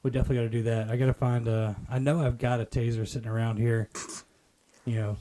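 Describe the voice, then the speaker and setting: Dark-voiced man giving blunt opinions. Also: medium pitch, flat delivery, quick pace, slight background noise. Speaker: podcast host. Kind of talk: casual podcast chat.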